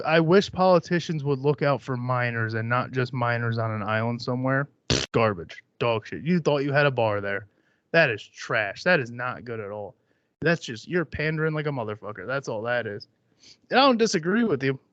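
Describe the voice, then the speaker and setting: A man's voice: medium pitch, fairly bright tone, dry recording. A man hosting a podcast, ranting casually in a profane, sarcastic, mocking way. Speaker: podcast host. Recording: dry, dull lo-fi sound.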